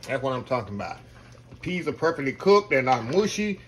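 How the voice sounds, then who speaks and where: A home cook with a fairly high, very animated voice chats briskly as he cooks at home, calling his viewers "y'all" in a folksy way. His tone is a bit bright, and there's a little hiss or hum in this casual cooking video.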